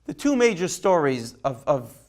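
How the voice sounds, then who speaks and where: Male rabbi, a bit higher pitched, conversational lesson style with lots of back and forth with the class. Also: wildly swooping pitch, normal speed, a little mellow. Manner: conversational, takes questions by name, asks "right?". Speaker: rabbi teaching a Torah class. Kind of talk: informal Torah lesson.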